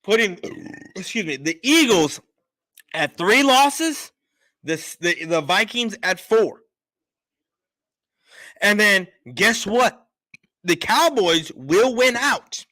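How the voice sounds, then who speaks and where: A man hosting a sports show, talking loudly and insistently, repeating his points after a few drinks. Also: high voice, expressive, slow pace, long pauses. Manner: loud, emphatic, repetitive insistence. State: been drinking a little. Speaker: sports podcast host. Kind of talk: heated sports opinion talk.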